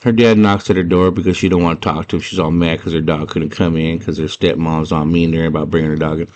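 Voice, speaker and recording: Deep-voiced slangy man recapping a movie. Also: fast. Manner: slangy, animated storyteller. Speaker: movie fan retelling a film.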